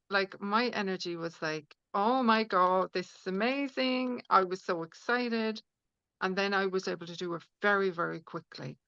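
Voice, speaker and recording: A woman guest on a podcast, talking through her ideas in an earnest, rambling way full of fillers and restarts. Her voice has a gravelly fry to it. The recording sounds dry and a little dull. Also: lowish voice, a bit bright, no room sound. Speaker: guest, spiritual healer. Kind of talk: conversational podcast interview.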